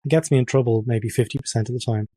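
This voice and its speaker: A man's voice: mid-range voice, fairly even intonation, fast talker, warm tone, dry recording. A man hosting a podcast interview, chatty and self-deprecating. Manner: chatty, self-deprecating, loves putting on accents. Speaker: podcast host. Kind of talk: casual interview chat.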